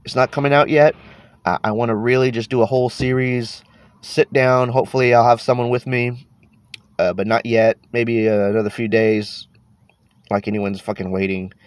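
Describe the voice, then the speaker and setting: A man's voice: mid-range voice, fairly even intonation, moderate pace, no room sound. A man hosting a casual podcast, talking with a stuffy nose from allergies, tired, rambling and swearing as he trails off. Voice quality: congested, nasal. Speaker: podcast host.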